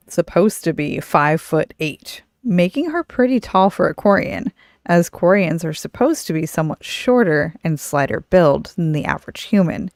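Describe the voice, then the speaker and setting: A woman's voice: lowish voice, darkish tone, no echo. A woman co-hosting a podcast in casual chat, reading segments aloud on a close mic. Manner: chatty, reads segments aloud. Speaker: podcast co-host.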